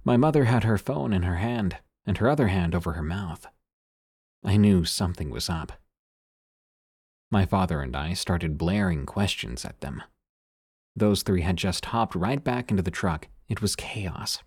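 A man reading listener-sent scary stories aloud as a narrator, in a measured storytelling delivery that sinks quieter on the eerie lines. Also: low voice, animated, slightly rough, no echo, clean studio sound.

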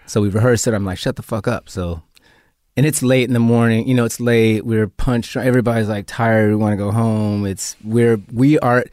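A man's voice: on the low side, moderate pace, no echo, studio quality. A man telling a story in a casual interview, acting out other people's lines with lots of swearing. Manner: animated storyteller acting out quoted voices, frequent profanity. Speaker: actor, guest.

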